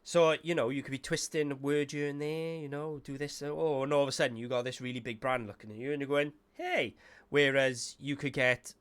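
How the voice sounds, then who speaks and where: A man's voice: mid-range voice, steady tone, fairly quick, hardly any pauses, fairly bright tone, smooth. Chatty, meandering man hosting. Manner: chatty, meandering, self-correcting. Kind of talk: casual panel chat.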